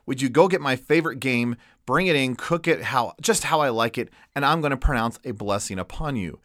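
A man voicing an aging, going-blind father who calmly asks his son for a favor, in a slower, lower tone. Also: dry recording, studio quality, close to an everyday voice. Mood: requesting.

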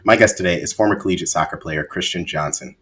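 Deep-voiced young man hosting a podcast. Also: fast. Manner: relaxed, repeats words and uses many fillers. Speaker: podcast host. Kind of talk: casual interview chat.

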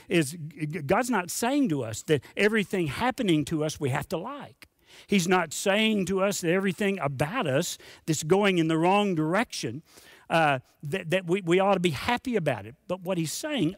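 Earnest preaching man, slightly high voice. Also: no room sound, studio quality. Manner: earnest, conversational preaching with emphatic repeats. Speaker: pastor. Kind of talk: sermon.

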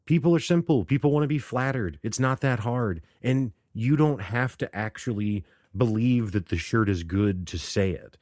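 A man's voice: medium pitch, normal speed, few pauses, darkish tone, dry recording, clean studio sound. A man hosting a casual solo podcast, talking loosely, laughing often and acting out the people he quotes. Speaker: podcast host.

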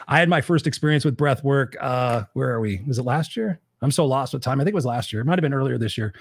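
A man's voice: mid-range voice, animated, fast talker, no room sound. A man hosting a casual live talk show, rambling loosely through stories and swearing freely. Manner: loose, profane, rambling storyteller. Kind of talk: casual live-stream chat.

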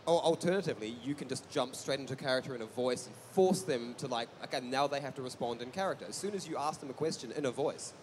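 A man, a game master on a live panel, explaining quickly with many fillers. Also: medium pitch, slight background noise.

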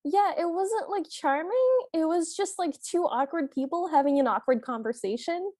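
A woman's voice: very high-pitched, animated, moderate pace, darkish tone, dry recording, studio quality. A woman co-hosting a podcast, chatting casually about a movie and adding her own reactions and questions. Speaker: podcast co-host. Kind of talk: casual movie recap chat.

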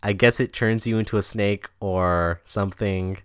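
A man's voice: lowish voice, steady tone, moderate pace, clean tone, dry recording. A man co-hosting a casual podcast, summarizing a movie's plot with dry, wry asides. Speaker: podcast co-host. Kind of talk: casual movie recap chat.

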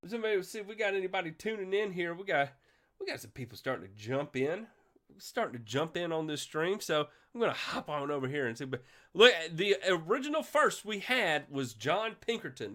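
A man hosting a casual livestream show, congested from a sinus infection, giving energetic shout-outs to viewers. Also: high-pitched, fairly quick. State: coughing.

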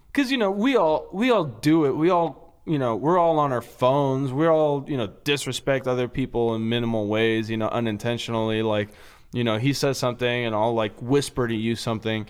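A man, a stand-up comic, talking casually, loud and animated, swearing freely. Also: mid-range voice, clean tone. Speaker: stand-up comedian. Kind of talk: casual chat.

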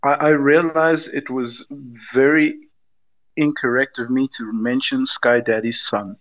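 A man's voice: mid-range voice, fairly even intonation, a little slow. Jokey man on a dull line. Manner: jokey, irreverent. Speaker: guest speaker. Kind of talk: casual chat.

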